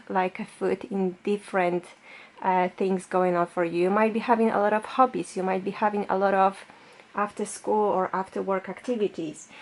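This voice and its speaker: A woman speaks to her viewers as a tarot reader, pitched in the middle for a woman. She is chatty and loose, and she fills her sentences with little fillers. Her tone is gentle and reassuring as she talks straight to the camera. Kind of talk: pick-a-card tarot reading to camera.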